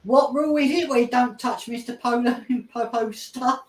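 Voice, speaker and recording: A man's voice: extremely high pitch, normal speed. A man hosting a casual podcast chat, laid-back and rambling with chuckles. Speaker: podcast host. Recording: roomy echo.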